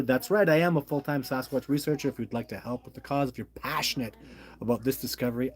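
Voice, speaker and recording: A middle-aged man talks casually on a livestream, reading viewer comments aloud and answering them. He is chatty and a little apologetic, and his voice sits at an ordinary, middle pitch. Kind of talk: casual live-stream chat.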